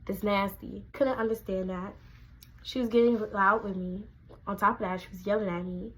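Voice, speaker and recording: Animated young woman telling a story. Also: mid-range voice, normal speed, slight background noise, poor audio. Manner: animated, acts out quotes in a raised voice. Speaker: vlogger. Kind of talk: casual storytime.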